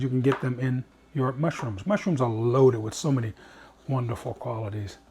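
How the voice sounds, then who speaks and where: A man's voice: mid-range voice, darkish tone. A man hosting a cooking show, chatting in an upbeat way with rambling asides as he cooks. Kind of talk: casual cooking demonstration.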